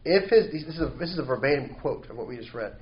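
A man preaching a sermon, reading scripture slowly and forcefully and then explaining it in a conversational way. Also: medium pitch, lively intonation. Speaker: pastor. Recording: dull, lo-fi sound.

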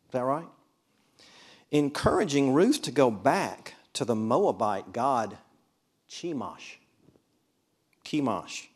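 A man's voice: medium pitch, sing-song, slow pace, slightly rough. A man from Mississippi, teaching a Bible study in a classroom in a chatty, conversational way and often putting questions to his class. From Mississippi, USA. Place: classroom with a board.

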